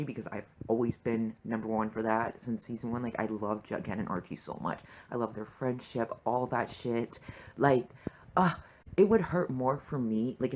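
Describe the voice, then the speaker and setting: A young adult fan tears into a TV episode in a swearing, filler-packed rant. The talk is animated and fired up. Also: mid-range voice. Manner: profane, heated, full of fillers. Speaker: TV fan reviewer. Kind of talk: reaction rant.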